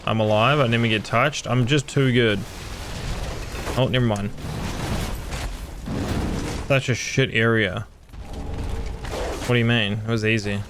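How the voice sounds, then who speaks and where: A man's voice: medium pitch, steady tone, measured pace, long pauses, heavy background noise. A young man chatting casually with friends while playing a video game, joking, teasing and swearing freely. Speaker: gamer streaming with friends. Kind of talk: casual gameplay chat.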